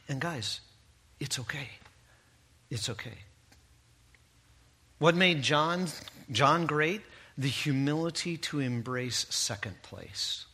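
A man's voice: on the high side, animated, measured pace, bright, forceful tone. A man preaching a sermon in a conversational way, breaking in with asides and tag questions. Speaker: pastor.

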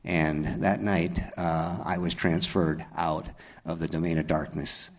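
A middle-aged man telling his faith story in a halting, sincere way with many pauses. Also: low-pitched, level tone. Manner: halting, filler-heavy, sincere. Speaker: testimony speaker. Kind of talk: personal testimony storytelling.

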